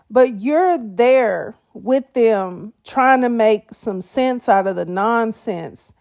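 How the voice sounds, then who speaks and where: A woman's voice: mid-range voice, vocal fry, a little mellow, no echo, clean studio sound. A woman hosting a reaction video, talking casually and expressively, with frequent exclamations and laughter.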